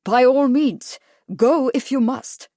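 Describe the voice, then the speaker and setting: A woman voices an imperious royal prince, an older man, giving him a commanding tone in an audiobook. Her voice is medium-pitched, expressive and darkish at a moderate pace, close to an everyday voice. The recording is dry, with clean studio sound.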